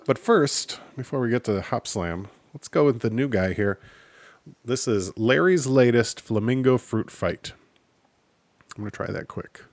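A man's voice: mid-range voice, lively intonation, measured pace, no echo. A man in his thirties hosting a casual solo podcast, joking about himself and swearing offhandedly. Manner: jokey, self-deprecating, swears casually. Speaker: podcast host.

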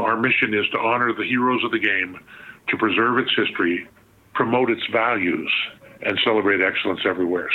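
Man on a tinny phone line. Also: mid-range voice. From Southern California. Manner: chatty, many fillers and restarts. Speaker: guest, sports museum president. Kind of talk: phone interview storytelling.

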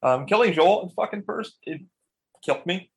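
Gravelly-voiced man, casual gaming chat. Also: high voice, normal speed, rough recording. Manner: animated, swears a lot, acts out quotes. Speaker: podcast co-host. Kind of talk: casual chat about video games.

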